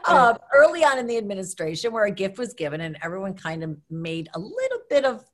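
A woman, a former government official, tells an animated story in an interview and acts out the voices of the people in it. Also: medium pitch, quick pace. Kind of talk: animated anecdote telling.

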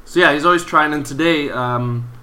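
A man's voice: a little high, normal speed. A man in casual podcast chat, telling work stories with a lot of swearing. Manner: profane, animated storytelling. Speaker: podcast co-host, teacher.

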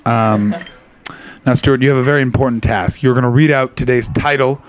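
A man's voice: mid-range voice, fairly even intonation, brisk, no room sound. A man in his late twenties doing stand-up crowd work, brash, profane and teasing. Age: late 20s. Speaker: stand-up comedian.

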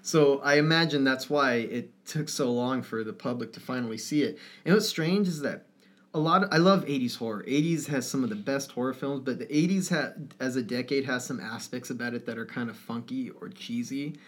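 A man's voice: mid-range voice, a little fast. A man with an ordinary mid-range voice talks casually about films with a co-host. He speaks with feeling, drops swear words freely, and laughs now and then. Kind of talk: casual film discussion.

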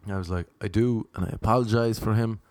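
A young Irish man rattles through a rambling, self-mocking anecdote in casual chat, doing voices for the people he quotes. He talks fast in a lowish, darkish voice, with no room sound.

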